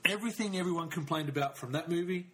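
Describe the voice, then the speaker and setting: A man's voice: on the high side, fast talker, very noisy. A man hosting a podcast in casual chat, swearing freely and laughing often. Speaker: podcast host.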